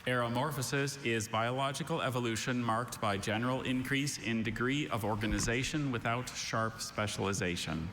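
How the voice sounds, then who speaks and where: A man working as a spelling bee pronouncer, reading words and definitions with measured, precise enunciation in a large event hall. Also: mid-range voice, fairly bright tone, slight background noise. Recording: long hall reverb.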